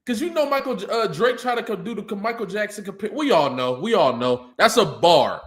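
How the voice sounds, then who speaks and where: Man, battle rapper, casual reaction commentary, high lively voice. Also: fairly quick. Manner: excitable, hypes up lines, breaks into shouts and laughs. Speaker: battle rapper breaking down diss tracks.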